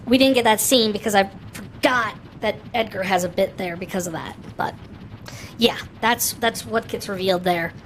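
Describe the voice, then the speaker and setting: A woman's voice: medium pitch, normal speed, a little hiss or hum, rough recording. A woman streamer chatting casually about a game as she plays, loose and chatty, with fillers and self-corrections. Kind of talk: casual gameplay commentary. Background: game music.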